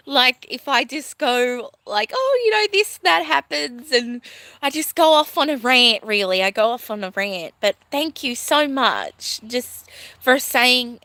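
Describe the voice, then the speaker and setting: A woman's voice: medium pitch, fairly bright tone, no room sound. A woman in her thirties vlogging at home, talking to her viewers in a rambling, emotional, heartfelt way. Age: 30s. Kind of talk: casual talk to camera.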